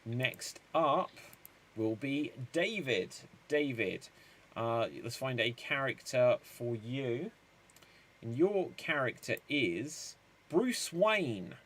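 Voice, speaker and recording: A man hosting a live-streamed improv show, upbeat and quick to laugh. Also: medium pitch, expressive, a bit bright. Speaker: improv game host.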